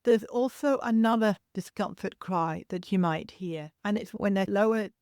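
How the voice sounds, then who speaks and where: A woman hosts a solo parenting podcast in a gentle, reassuring voice, as if teaching a class. Her speech sounds close and dry, with no room sound around it. She pauses now and then to imitate a baby's cry. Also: mid-range voice, no echo. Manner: imitates baby cries to demonstrate. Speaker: podcast host and childcare educator.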